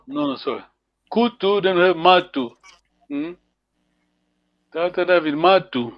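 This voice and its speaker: A man's voice: fairly high pitch, a little slow, pauses often. A man teaching a language lesson over a video call, patient and encouraging, laughing often. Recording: dull lo-fi video call audio.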